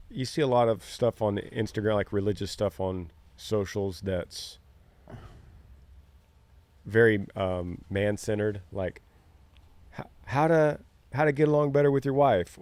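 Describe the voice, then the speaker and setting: Middle-aged man, earnest podcast storyteller, lowish voice, dry close mic. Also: darkish tone, dry recording. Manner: earnest storyteller, acts out quoted lines. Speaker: podcast co-host. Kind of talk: casual podcast chat.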